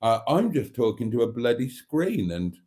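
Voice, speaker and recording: A man's voice: mid-range voice, very animated, moderate pace, dark tone. A man hosting a casual live stream from home, reading viewer comments aloud in a chatty, cheeky, rambling way into a phone. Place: home, indoors.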